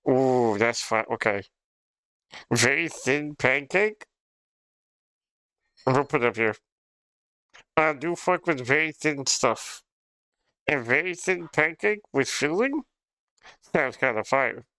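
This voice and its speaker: Slow, bright-voiced young man streaming. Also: mid-range voice, lively intonation, clean tone, dry recording. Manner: rambling, profane, laughs often. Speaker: livestreamer. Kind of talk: casual stream chat.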